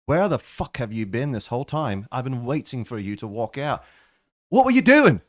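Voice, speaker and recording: A man voicing a cranky male tavern owner who shouts, swears and sounds exasperated in a tabletop game. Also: lowish voice, big pitch swings, a little slow, no room sound, studio quality.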